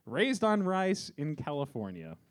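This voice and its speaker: A male podcast host in casual comedy banter, laughing a lot and tripping over words while he reads letters. His voice sits fairly high and swings widely in pitch. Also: huge pitch swings, a little slow. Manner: giggly, stumbles when reading aloud.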